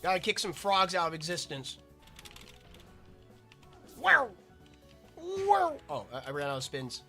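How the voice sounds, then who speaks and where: Chatting his way through a video game, a man rambles and keeps interrupting himself in casual commentary. His slightly high voice comes out fast, pushed, and bright, with faint music behind it.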